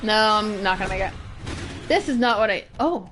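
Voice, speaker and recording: Her voice high-pitched and animated, a young woman from the northern US streams a video game in an unhurried way. She chats casually, laughing and reasoning aloud when stumped, with soft music behind her.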